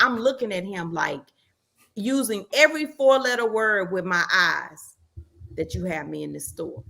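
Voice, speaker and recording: A woman's voice: a little high, pushed and bright. A woman hosting a casual podcast, telling a story in an emphatic, exasperated way. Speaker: podcast host.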